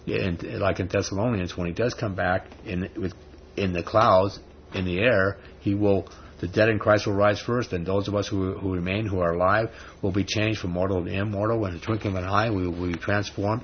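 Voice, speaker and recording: A man preaching a sermon in a conversational way, building to emphatic rhetorical questions. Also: deep voice. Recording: dull lo-fi recording with faint background noise.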